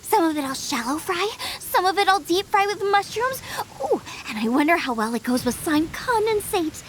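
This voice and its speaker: A woman voicing a cheerful young female chef in a video game, bubbly and excitable about food. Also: very high-pitched, moderate pace, noisy background. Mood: excited. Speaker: game character. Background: game music.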